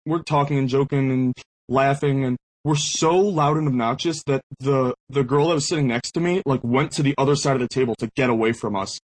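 A man's voice: mid-range voice, a little fast, low-quality recording. A young man hosting a podcast who tells a casual anecdote in a rambling way, with lots of fillers and restarts. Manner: rambling, heavy use of "like" and restarts. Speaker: podcast host.

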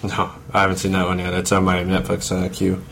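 A man's voice: sits low, completely flat delivery, a little fast, creaky, a bit bright, a little hiss or hum. A man co-hosting a movie podcast in casual chat, blunt and crude in his jokes. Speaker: podcast co-host.

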